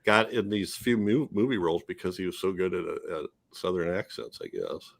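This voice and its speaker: Low-voiced male host, loose rambling delivery, lots of "um". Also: expressive, brisk, gravelly. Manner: rambling, hesitant with fillers. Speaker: podcast host. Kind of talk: casual film-review chat.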